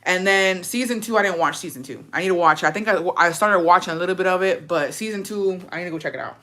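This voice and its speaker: A young woman sits down for a casual gossip recap, her voice a touch on the low side. She swears freely and slips into the characters' lines as she tells the story. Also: fast talker. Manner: profane, animated storytelling with put-on quotes. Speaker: vlogger.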